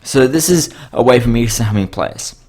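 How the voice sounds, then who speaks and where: A man's voice: mid-range voice, expressive, fast talker, darkish tone, slightly rough. A man hosting a casual coding tutorial, losing his voice and sounding tired and sick, rambling with frequent fillers and self-corrections.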